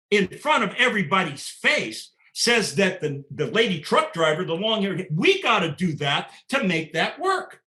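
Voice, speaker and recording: Older guy on a podcast, keeps saying okay?, bright forceful voice. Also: sits high. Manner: emphatic, keeps adding "okay?". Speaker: podcast guest. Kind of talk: casual podcast conversation.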